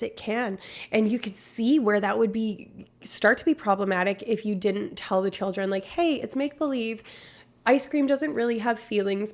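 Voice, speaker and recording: Gravelly-voiced woman streamer, rambling chat. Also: medium pitch. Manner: rambling, chatty, swears casually. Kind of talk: casual live stream chat.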